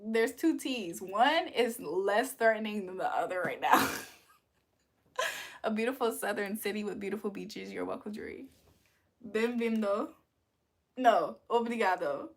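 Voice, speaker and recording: A woman's voice: mid-range voice, lively intonation, measured pace, long pauses. A woman hosting a livestream, chatting casually with viewers and answering them playfully, laughing often. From United States. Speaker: livestream host. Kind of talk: casual livestream chat reading comments.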